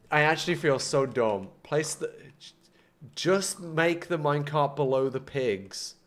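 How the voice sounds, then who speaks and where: An excitable young man talks through his gameplay on a live stream. His voice sits a little high and jumps all over the place, from muttering to loud outbursts. He pokes fun at himself as he works things out. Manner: excitable, self-mocking, swings between frustration and laughter. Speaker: gaming streamer.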